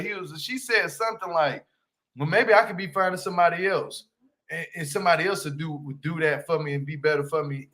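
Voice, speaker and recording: A man hosting a casual livestream review of a reality show, animated and slangy, laughing and talking straight to his viewers. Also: a little high, rough recording. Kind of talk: casual commentary.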